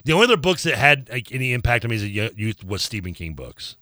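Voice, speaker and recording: A man's voice: mid-range voice, very animated, fast talker, pushed and bright, no echo, clean studio sound. A man co-hosting a sports radio show, rambling and laughing often, trailing off mid-sentence. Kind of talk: casual sports talk.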